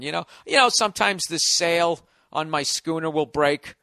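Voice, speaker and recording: A man's voice: fairly high pitch, moderate pace, hardly any pauses, pushed and bright, no echo, clean studio sound. A man in his forties hosting a podcast alone, ranting sarcastically with lots of profanity and mock outrage. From United States. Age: 40s. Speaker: podcast host. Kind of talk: sarcastic solo podcast rant.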